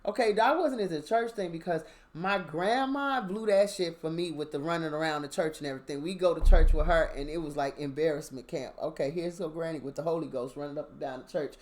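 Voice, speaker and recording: A woman, a mother, telling a casual, animated story about her spiritual experiences and checking in with the listener. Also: deep voice, fairly quick, hardly any pauses. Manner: animated, conversational, asks listener "you understand?". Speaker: spiritual vlogger.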